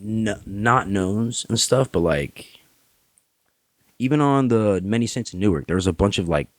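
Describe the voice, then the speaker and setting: A man's voice: fairly low pitch, animated, measured pace, no room sound, studio quality. A man guesting on a podcast, telling stories in a brash, profane, casual way. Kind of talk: casual chat. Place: podcast studio.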